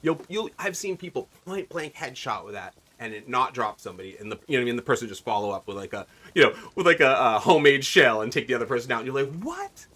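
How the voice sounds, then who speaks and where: A male streamer with a sharp, mid-range voice talks at a quick pace with lively intonation and few pauses. Playing a video game, he rambles casually and asks his audience questions.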